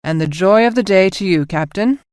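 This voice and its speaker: A woman voicing a formal, measured male chief petty officer. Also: sits high, a little mellow, clean tone, no echo, studio quality, lightly acted.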